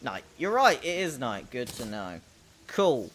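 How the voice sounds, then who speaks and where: Babyish-voiced streamer, lively and slow. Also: mid-range voice, slight background noise. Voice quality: childlike, babyish voice. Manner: playful, chatty, reads out chat. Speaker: game streamer. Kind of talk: casual live gameplay commentary.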